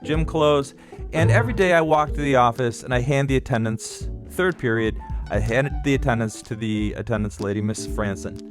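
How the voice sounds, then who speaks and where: A middle-aged man with a mid-pitched voice tells childhood stories for his podcast. He talks in a loose, nostalgic way with some filler words and briefly acts out the people he quotes. Soft music plays behind him. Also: normal speed. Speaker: podcast host. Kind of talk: storytelling monologue.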